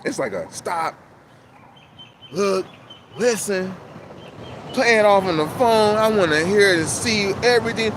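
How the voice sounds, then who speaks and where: A man talking to camera in a casual, rambling monologue, animated and full of profane street slang, outdoors. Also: high-pitched, normal speed. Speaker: channel host. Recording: loud outdoor traffic noise.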